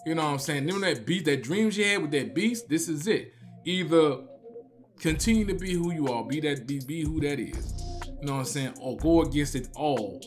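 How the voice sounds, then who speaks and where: A man's voice: on the high side, animated, brisk, faint music behind. A man giving a casual spoken movie review. He retells the scenes with emotion and animation, full of slang and a repeated "man".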